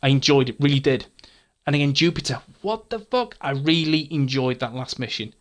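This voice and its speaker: A man's voice: medium pitch, steady tone, brisk. A man hosting a gaming channel, casually answering viewer comments in a frank, chatty way, often stumbling and repeating words.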